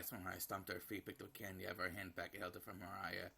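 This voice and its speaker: A man's voice: deep voice, little pitch movement, fast talker, creaky, pushed and bright, slightly rough. A man reading a visual novel aloud, with occasional slips and self-corrections. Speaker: gameplay narrator.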